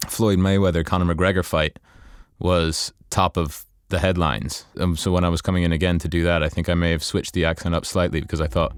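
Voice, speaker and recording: A man's voice: low-pitched, little pitch movement, a little fast, clean tone, no room sound. A man raised in the USA and Ireland, a voice actor talking casually in an interview, chatty with lots of fillers. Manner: chatty, many fillers, laughs easily. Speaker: voice actor guest.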